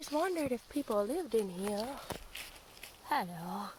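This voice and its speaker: A woman's voice: medium pitch, big pitch swings, a little slow, noisy background. A woman working as a land steward, chattering and cooing at animals she meets outdoors on the trail. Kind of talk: casual walking vlog.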